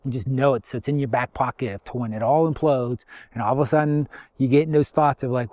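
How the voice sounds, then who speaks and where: A man talks through spiritual ideas in a loose, rambling way, full of fillers and repeated affirmations. His voice sits in a middle pitch. The sound is dry and close, with no room around it. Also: fast talker, few pauses, a little mellow, no room sound. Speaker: spiritual teacher. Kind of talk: casual spiritual talk.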